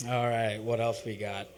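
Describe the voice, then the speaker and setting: A young man performing a halting, self-deprecating open-mic stand-up set, full of ums and uhs. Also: mid-range voice. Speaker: stand-up comic. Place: open-mic comedy stage.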